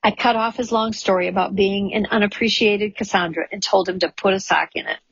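A woman reads a first-person memoir aloud in a measured, wry way. Her voice is husky, the room is dry and close, and the recording is dull and lo-fi. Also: medium pitch, steady tone, no room sound. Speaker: audiobook narrator.

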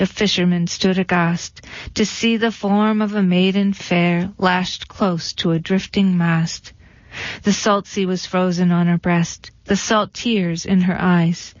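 A woman reading poetry aloud in a measured, rhythmic recitation. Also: fairly low pitch, no room sound. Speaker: reader. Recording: dull lo-fi dry recording.

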